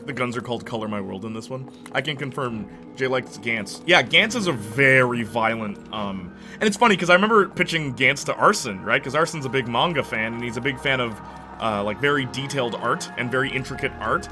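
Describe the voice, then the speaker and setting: A man's voice: medium pitch, animated, a little fast, over music. A man giving casual let's-play commentary, rambling and enthusiastic with many fillers. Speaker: gameplay commentator.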